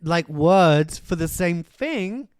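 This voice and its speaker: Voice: medium pitch, animated, slow, smooth, dry recording, clean studio sound. A co-host in casual podcast chat, blunt, teasing and swearing freely.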